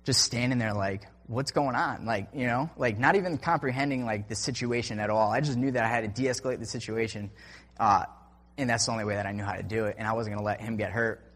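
A man's voice: lowish voice, fairly even intonation, fast talker, fairly bright tone. A young man telling a personal story in a casual, rambling way, filling it with "like" and acted-out quotes. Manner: rambling, full of "like" and "I'm like" quotes. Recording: long reverb.

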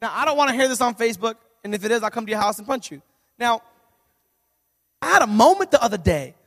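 Male pastor, sermon; lively comic storyteller who builds to shouts; high voice with long hall reverb. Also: fast. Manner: animated, humorous storytelling that swells into shouting.

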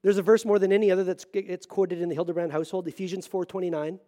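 A middle-aged man preaching a Sunday sermon in a fairly high voice. He talks earnestly and presses hard on key lines, then drops to quiet, hushed asides. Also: quick pace, few pauses. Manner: earnest, swings between loud emphasis and hushed asides. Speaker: pastor.

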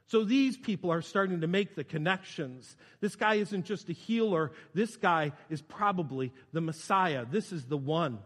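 Male pastor, high voice, casual storytelling sermon, long hall reverb. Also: moderate pace, few pauses, fairly bright tone. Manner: conversational, storytelling with quoted voices.

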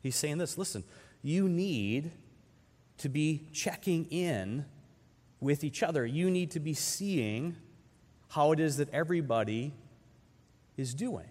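A man preaching a conversational sermon as pastor, firing off rhetorical questions and dropping from loud emphatic peaks to slow, quiet phrases. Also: on the high side, animated. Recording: long hall reverb.

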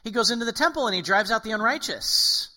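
Speaking quickly in a voice that sits high, a male pastor gives a relaxed, conversational sermon. He animatedly performs the voices he quotes and frequently asks "okay?" to check in.

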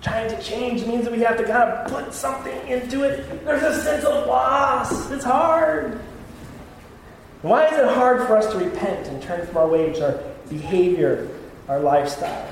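A man's voice: extremely high pitch, moderate pace, a little hiss or hum. A middle-aged male pastor preaching a sermon, telling personal stories with self-deprecating jokes. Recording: echoey hall, mic at a distance.

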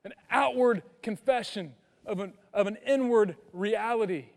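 A man preaching a sermon as pastor, animated and conversational, sinking into hushed prayerful tones at times. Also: high voice, measured pace, in a large hall. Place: church sanctuary.

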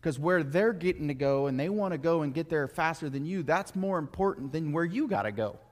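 A man's voice: on the high side, lively intonation, a little fast. A man preaching a sermon in a conversational way, telling personal stories with joking asides and stumbling restarts. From United States. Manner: conversational, joking asides, repeats words when starting.

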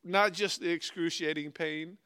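A man preaching a sermon and reading scripture aloud, earnestly swinging between loud stresses and hushed, slowed phrases. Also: a little high, fairly even intonation, smooth. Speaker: pastor.

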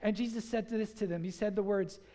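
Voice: medium pitch, steady tone, fast, warm tone, slight background noise. A pastor preaching a conversational sermon with lots of filler "like", urging the congregation to repeat phrases back. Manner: casual filler "like" throughout. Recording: long hall reverb.

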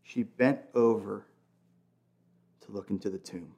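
A man's voice: fairly low pitch, fairly even intonation, measured pace, a little mellow. A male pastor preaching in a conversational, emphatic way, full of casual asides. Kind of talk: sermon.

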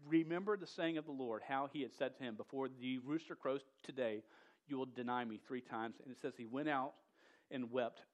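A man preaching a sermon in a casual, slangy way, often stuttering and repeating the start of words. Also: on the high side. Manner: says "dude" and "y'all".

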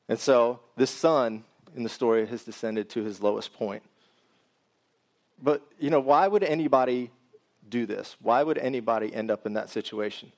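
A man's voice: medium pitch, moderate pace. A man preaching a sermon, reading scripture and then explaining it in a conversational way that speaks directly to the congregation.

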